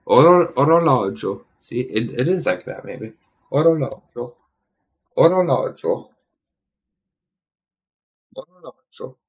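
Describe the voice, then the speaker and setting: A man thinking aloud while studying, hesitant and questioning himself, often trailing off into a quiet mutter. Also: mid-range voice, expressive, a little slow, long pauses, husky. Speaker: streamer studying Italian.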